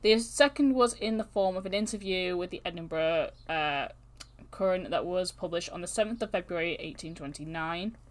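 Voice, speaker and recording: A woman hosting a podcast, telling stories in casual, animated chat with plenty of swearing. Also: on the low side, moderate pace. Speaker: podcast host.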